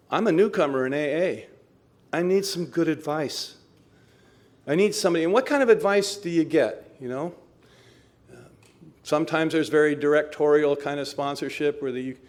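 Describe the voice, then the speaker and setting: A middle-aged man speaks candidly at a recovery meeting, laughing at himself as he tells his story. His voice sits at an ordinary, mid-range pitch for a man. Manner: candid, self-mocking, chuckles through his story.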